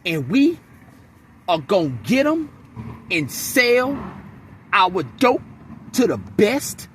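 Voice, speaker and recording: A man putting on the voice of a cheesy, self-serious young male gang leader in a high, drawn-out mocking tone. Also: big pitch swings, fairly bright tone, slight background noise, heavily acted. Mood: mock-earnest. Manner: exaggerated, self-serious speechifying.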